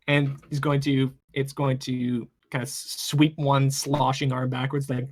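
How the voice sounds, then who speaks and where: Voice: medium pitch, little pitch movement. Game master narrating a tabletop game, stop-start delivery. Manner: rambling, halting, many restarts.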